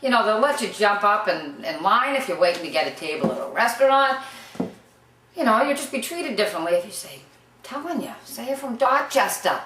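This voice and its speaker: A woman's voice: medium pitch, very animated, a little fast, fairly bright tone, recorded from a distance, a little hiss or hum. A woman with a thick Boston accent, giving a chatty, rambling mock lesson to the camera, drifting off on tangents. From Boston, Massachusetts. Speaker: host. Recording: roomy echo, away from the mic.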